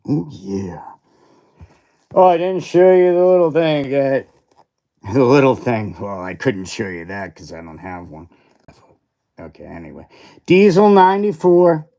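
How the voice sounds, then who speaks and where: A man's voice: on the low side, animated, a little slow, gravelly, long pauses, dark tone. A man hosting a casual livestream, rambling and self-mocking as he reads viewer comments aloud. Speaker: livestream host. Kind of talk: casual livestream chat while unboxing.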